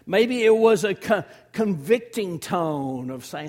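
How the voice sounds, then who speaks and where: A man in his fifties preaching a sermon as pastor, swinging between loud emphasis and hushed, near-whispered lines. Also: sits high, animated, slow, hardly any pauses. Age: 50s.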